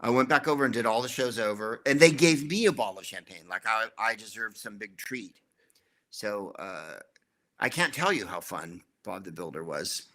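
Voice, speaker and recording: A man's voice: on the low side, animated, normal speed, bright, forceful tone. A middle-aged American man, a guest comedian, telling rambling stories with wry jokes. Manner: rambling, wry, jokey storytelling. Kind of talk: casual anecdotal interview.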